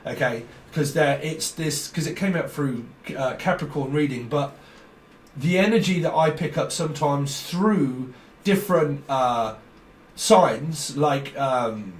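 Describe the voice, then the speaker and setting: A man giving a rambling tarot reading, talking fast, jumping between ideas and laughing often. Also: fairly high pitch, slight background noise. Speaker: tarot reader. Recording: roomy sound from a distant mic.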